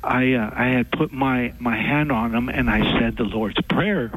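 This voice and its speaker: A man calling in to a radio show, telling a story haltingly with many pauses and fillers. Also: medium pitch, fairly bright tone, a little hiss or hum, poor audio. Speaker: caller. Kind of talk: call-in radio talk.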